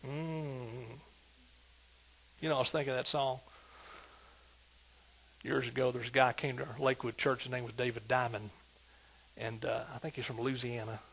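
An older man, a pastor, preaching an animated sermon in a folksy, colloquial way and often asking whether his listeners are with him. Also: mid-range voice, moderate pace, creaky, long pauses, slight background noise, low-quality recording. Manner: animated preaching, asks "are you with me?" repeatedly.

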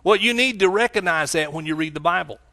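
Preaching with a Texan accent, this middle-aged man cries out hallelujah and alternates between booming bursts and hushed asides. He has a high-pitched voice with lively intonation and a fast delivery.

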